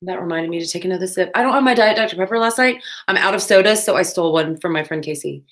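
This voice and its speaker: A woman's voice: on the low side, quick pace. A woman, chatting casually on a crafting livestream, with playful asides.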